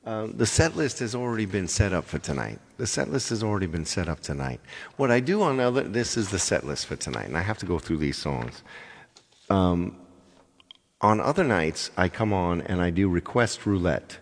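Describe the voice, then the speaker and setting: A man's voice: sits low, big pitch swings, moderate pace, big-room sound. A man chatting casually with viewers between songs on his livestream, rambling and apologetic as he talks. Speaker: live-stream singer.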